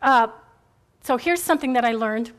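A woman's voice: a little high, moderate pace. Chatty woman teaching a church group. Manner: chatty, rambling, encouraging, with asides. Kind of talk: casual faith talk to a group.

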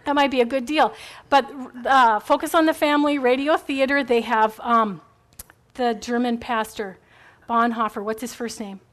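A woman's voice: a little high, fairly even intonation, normal speed. Chatty woman teaching a church group. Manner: chatty, rambling, encouraging, with asides. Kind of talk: casual faith talk to a group.

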